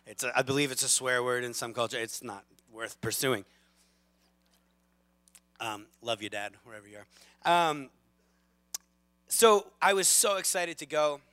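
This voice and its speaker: A man in his thirties preaching a sermon as a lively, self-deprecating storyteller, with big swings in loudness. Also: medium pitch, a little slow, long pauses, no room sound. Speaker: pastor.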